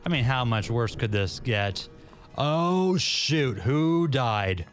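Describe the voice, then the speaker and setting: A chatty man narrates his own gameplay in a loose, self-mocking way, muttering and joking to himself at an everyday pitch. Faint game music plays quietly behind him. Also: lively intonation, slow. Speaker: gaming channel host. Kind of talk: casual gameplay commentary.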